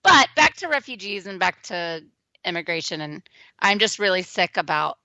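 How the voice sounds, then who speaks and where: A woman's voice: fairly low pitch, sing-song, normal speed, sharp tone, no echo. A woman co-hosting a radio talk show, chatting in a rambling, casual way with lots of restarts. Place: radio studio.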